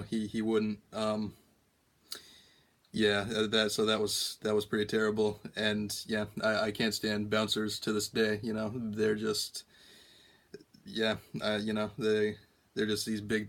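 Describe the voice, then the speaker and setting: A young man tells a story on a prank call with deadpan delivery, stopping often with ums and restarting his sentences. His voice sits low. It stays flat and even throughout. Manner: halting, many ums and restarts. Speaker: prank caller.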